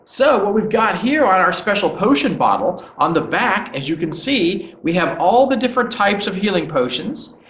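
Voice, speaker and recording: A cheery merchant of a magic shop greets his customers in a high, lilting voice that swoops up and down, as a man puts him on. His patter is welcoming and salesman-like. The room around him rings with echo. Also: very animated, moderate pace, few pauses, a bit bright, a little hiss or hum. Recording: echoey room.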